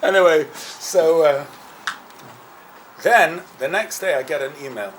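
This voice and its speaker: A rabbi telling a story to a group at a gathering, with loud chanted quotes. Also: male voice, a little high, measured pace, long pauses, noisy background. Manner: lively, bursts into loud chanting when quoting. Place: gathering room with a crowd around the table.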